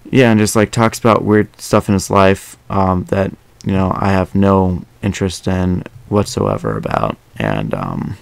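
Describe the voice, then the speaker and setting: Young male podcast host, low gravelly voice, dry close sound, chatty and meandering. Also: no room sound. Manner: rambling, many fillers and restarts. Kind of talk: casual podcast chat.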